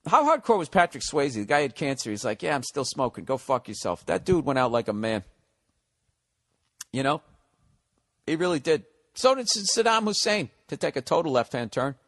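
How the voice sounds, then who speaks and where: A man's voice: on the high side, sing-song, moderate pace, pauses often, a bit bright, no room sound. A man hosting a solo podcast, rambling through blunt, profane rants. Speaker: podcast host.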